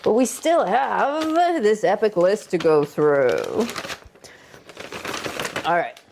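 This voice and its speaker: A woman co-hosts a game stream in easygoing chat, her pitch swooping up and down. She talks slowly and unhurriedly, and a faint hiss of noise sits under the recording. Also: gravelly. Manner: animated, reads out viewer thanks. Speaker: co-host of a gaming channel.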